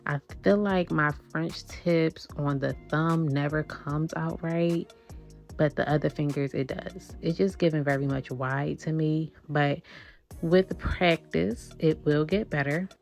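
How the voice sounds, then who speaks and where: Breathy-sounding woman with low gravelly voice. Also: fairly even intonation, unhurried, a little mellow, soft background music. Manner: chatty, addresses viewers as y'all. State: slightly out of breath. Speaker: nail art vlogger. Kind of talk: casual tutorial chat.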